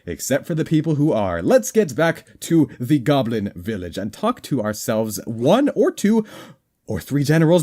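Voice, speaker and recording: A man's voice: mid-range voice, big pitch swings, normal speed, dark tone. A man giving goofy, rambling commentary over a game, with a slightly worn voice. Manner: goofy, rambling, jokey asides. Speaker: gaming commentator.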